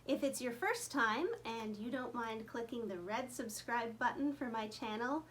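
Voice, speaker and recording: A woman with a fairly high voice runs a fiddle lesson in a friendly, chatty way, counting beats aloud as she goes. A faint hiss of noise sits under her voice. She keeps the talk easy and informal. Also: moderate pace, fairly bright tone. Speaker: fiddle teacher.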